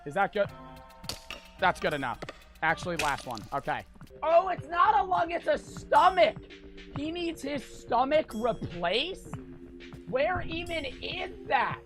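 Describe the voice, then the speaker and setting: A young man streaming a surgery game, yelling and swearing in frantic outbursts. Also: very high voice, huge pitch swings, measured pace, soft background music. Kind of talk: live gameplay commentary.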